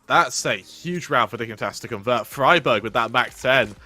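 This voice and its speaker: A man co-casting a live esports match, giving quick analysis and laughing easily with his partner. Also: medium pitch, animated, sharp tone, no echo, faint music behind. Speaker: esports caster.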